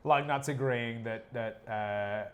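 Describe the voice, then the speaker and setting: A man's voice: mid-range voice, slow. Joking man hosting a stream. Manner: animated, joking, reads out viewer comments. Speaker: livestream host. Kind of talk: casual chat on a livestream.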